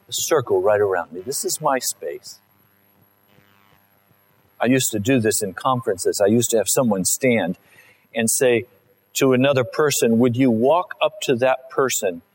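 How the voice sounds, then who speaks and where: A man's voice: medium pitch, darkish tone, rough recording. A male pastor delivering a conversational sermon and acting out little everyday scenes.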